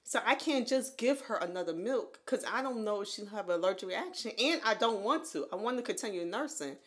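A woman's voice: mid-range voice, fairly quick. A woman in her thirties co-hosting a casual podcast. She tells her story with energy and voices the people in it as she goes. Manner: animated, acts out quotes of others. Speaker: podcast co-host.

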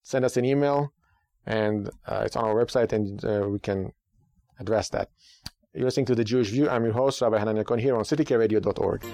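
A man who is a rabbi and a radio podcast host, giving lively talk-show commentary with rhetorical questions and repeated phrases for emphasis. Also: fairly low pitch, quick pace, dry recording, studio quality.

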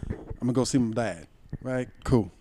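A man's voice: medium pitch, moderate pace, dry recording. Podcast co-host, young man from Puerto Rico, heated storyteller, dry close sound. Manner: heated, animated, profane storytelling. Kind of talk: casual storytelling chat.

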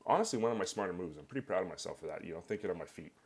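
Brief: young Canadian man, deep voice, rattles off an anecdote quickly. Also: breathy edge. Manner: rambling, filler-heavy, animated. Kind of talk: casual personal storytelling.

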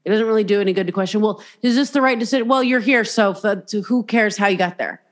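A woman's voice: mid-range voice, fast. A woman hosting a podcast in casual chat, talking candidly, swearing freely and acting out voices as she tells stories. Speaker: podcast host.

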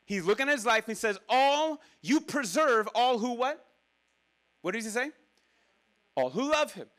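A man with a notably high voice delivers a lively, conversational sermon. He moves between energetic lines and sudden quiet asides, talking straight to the congregation as their pastor. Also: moderate pace.

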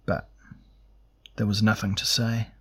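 A man narrating a fantasy novel in a measured, even storytelling manner. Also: lowish voice, husky. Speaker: audiobook narrator.

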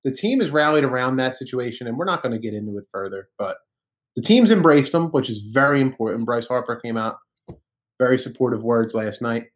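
A man's voice: medium pitch, animated, brisk. A man co-hosting a casual sports podcast, talking in an opinionated, conversational way with frequent fillers. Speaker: podcast co-host.

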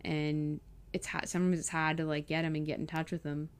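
A woman's voice: sits low, level tone, a little fast, clear, resonant tone. A young woman vlogging casually about leaving home, emotional and close to tears, with many fillers. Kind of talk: casual personal vlog.

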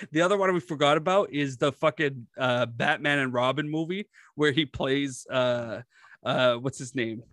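A man's voice: mid-range voice, a little slow, fairly bright tone, no echo, studio quality. A man in loose, casual chat who rambles, swears freely and laughs often as he talks.

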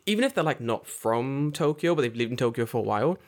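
A man's voice: medium pitch, animated, fast talker. A man chatting casually as a podcast co-host, rambling and joking, often slipping into silly put-on voices. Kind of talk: casual chat.

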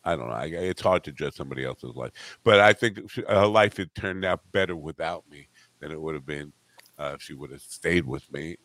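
A man's voice: very deep voice, brisk, fairly bright tone, no echo. A man in his fifties hosting a podcast, telling rambling stories that keep breaking off, and laughing at his own tales. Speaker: podcast host. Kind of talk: casual chat, storytelling.

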